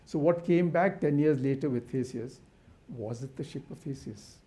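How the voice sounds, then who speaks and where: A man's voice: mid-range voice, normal speed, mellow. A man giving an impassioned symposium talk, asking rhetorical questions with frequent restarts. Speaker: conservation academic speaker.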